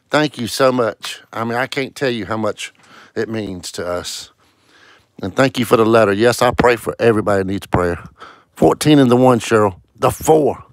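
A man's voice: medium pitch, dry recording, clean studio sound. A man hosting a casual live stream, greeting viewers one by one in a sing-song way and calling out scratch-ticket numbers. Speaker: livestream host.

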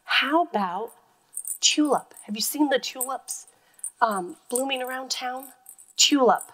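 A woman's voice: sits high, slow pace, pauses often, fairly bright tone, poor audio. A woman teacher giving a phonics lesson to young children, patiently sounding words out letter by letter.

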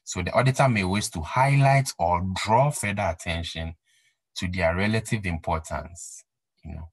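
A man with a very low, deep voice teaching an exam-prep accounting class. He drives points home by repeating them and asking his listeners whether the idea is clear. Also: normal speed, no room sound, rough recording. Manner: repeats key points for emphasis, asks rhetorical questions. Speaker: accounting lecturer. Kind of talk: recorded exam-prep lecture.

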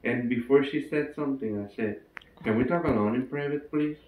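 Animated Filipino-accented man telling a story. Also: medium pitch, a little fast, phone-quality sound, slight background noise. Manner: animated, acts out quotes, laughs often. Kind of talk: casual storytelling to a partner. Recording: echoey room, mic at a distance, faint ambience.

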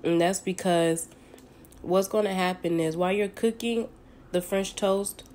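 A woman's voice: medium pitch, measured pace, darkish tone, a little hiss or hum. A woman from the Southern United States with a Southern accent, chatting casually as a home cook through a cooking tutorial in her kitchen, folksy and friendly with viewers. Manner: folksy and chatty, calls viewers honey and baby.

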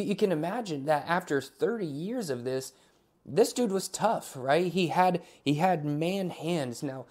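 A man's voice: a little high, a little mellow. A man preaching an online sermon in a casual, conversational way, opening with a spoken prayer. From Alaska. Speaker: pastor.

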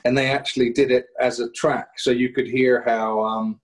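A man who is a songwriter, guest on a podcast panel, telling stories in an animated, lively way. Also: medium pitch, normal speed, poor audio.

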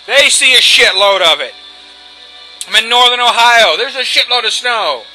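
A man with a high, piercingly bright voice commentates a let's play in a loose, casual way. He rambles and swears freely as he rants about the game. Game music plays faintly behind him. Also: animated, moderate pace, poor audio. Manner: rambling, profane, ranting asides. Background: faint video game music.

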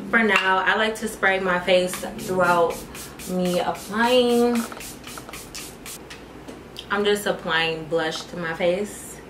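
Chatty young woman in an echoey room. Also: mid-range voice. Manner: chatty, addresses viewers as y'all and girl. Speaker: beauty vlogger. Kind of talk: casual makeup tutorial chat. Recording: echoey room, faint noise.

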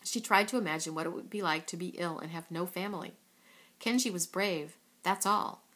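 A woman reading a children's book aloud in a steady voice, now and then correcting a slip. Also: fairly low pitch. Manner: steady, with occasional slips and self-corrections. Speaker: reader.

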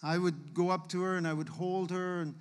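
A man's voice: high-pitched, fairly even intonation, a little fast, in a large hall. A man giving an earnest, emotional testimony as a guest speaker in a church service, telling his story to the congregation. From Canada. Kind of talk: sermon testimony. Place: church sanctuary.

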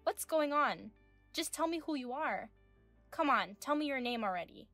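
Casting: thirties woman narrating as a stern, indignant wife in an audio drama, high voice, faint music bed. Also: animated, moderate pace, bright, forceful tone, no room sound. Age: 30s. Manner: firm, indignant questioning.

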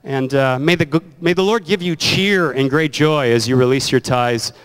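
A man's voice: medium pitch, moderate pace, clear, resonant tone, low-quality recording. A male pastor, taking the offering and praying a blessing in a church auditorium. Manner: relaxed, plain-spoken, blessing prayers. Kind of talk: sermon and offering announcements.

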